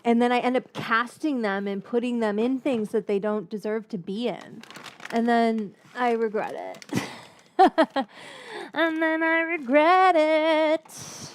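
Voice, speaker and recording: A little hiss or hum accompanies this higher-leaning female voice, which moves at a moderate pace. The speaker, a cookbook author and cooking host from the San Francisco Bay Area, chats casually while cooking, candid, profane and prone to tangents.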